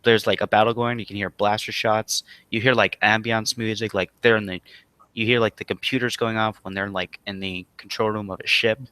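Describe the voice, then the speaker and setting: A young man co-hosting a casual chat, relaxed and enthusiastic, with lots of fillers. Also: lowish voice, fairly quick, smooth, no echo. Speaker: podcast co-host.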